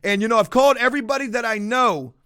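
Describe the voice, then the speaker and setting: A man putting on the voice of a broke man rushing through a plea for cash. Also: very high voice, sharp tone, dry recording, studio quality. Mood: pleading.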